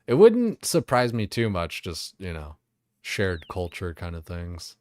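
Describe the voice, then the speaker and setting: A young man with a low voice chats loosely while streaming a game. He rambles, swears freely and keeps circling back on himself. The sound is close and dry, with no room behind it. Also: huge pitch swings, a little slow, darkish tone, no room sound. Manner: rambling, swears a lot, many fillers.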